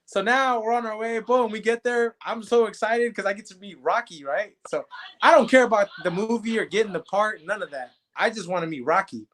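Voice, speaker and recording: Animated, slangy guest telling a story. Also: male voice, high voice, a little fast. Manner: animated, slangy, says "bro". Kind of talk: casual anecdote storytelling.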